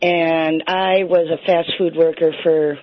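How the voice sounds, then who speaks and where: A woman's voice: low voice, level tone, takes it slowly, no echo. A woman calling into a radio show, friendly and a bit hesitant, with many ums. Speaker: caller. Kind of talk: call-in radio talk. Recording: slightly muffled dry broadcast audio.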